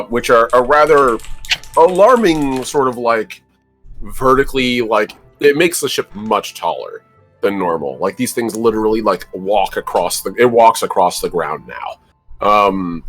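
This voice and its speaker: Low-voiced man narrating a tabletop game. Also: a bit bright. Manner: rambling, filler-heavy, descriptive. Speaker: game master.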